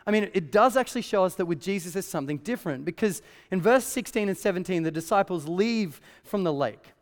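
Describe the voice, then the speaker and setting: A man preaching a sermon in a church, telling the story conversationally with lively asides. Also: high voice, quick pace, long reverb tail. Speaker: pastor. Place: church hall.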